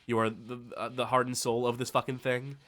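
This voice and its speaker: A man's voice: medium pitch, flat delivery, a bit bright. A male stream host speaks in a loose, rambling way, swearing freely and stumbling through restarts. He sounds worn out and a bit emotional. His voice sits in the middle range for a man. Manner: heavy swearing, rambling, halting with many fillers. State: tired and emotional. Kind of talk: casual stream thank-you speech.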